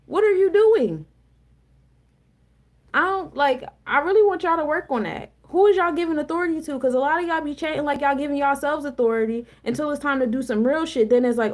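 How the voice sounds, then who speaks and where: A woman reading tarot on a casual livestream, blunt, profane and preachy, shifting between low calm explanation and loud emphatic challenges. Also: moderate pace. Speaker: tarot reader and spiritual coach.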